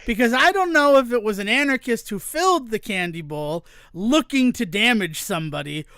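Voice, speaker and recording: A podcast co-host in casual chat, telling stories in an animated way and swearing freely. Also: male voice, very high-pitched, clear, resonant tone, dry recording, clean studio sound.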